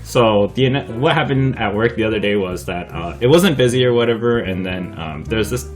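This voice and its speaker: A man's voice: lowish voice, lively intonation, normal speed, soft background music. Giggly, swearing young man telling stories. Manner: laughs often while talking, swears freely; rambling, filler-heavy delivery. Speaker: vlogger. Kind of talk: casual storytelling vlog.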